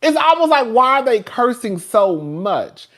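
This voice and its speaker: A man's voice: extremely high pitch, sing-song, unhurried, fairly bright tone. A man hosting a casual live stream. He rambles, talks with sass and laughs often as he chats with his viewers. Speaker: show host reviewing TV.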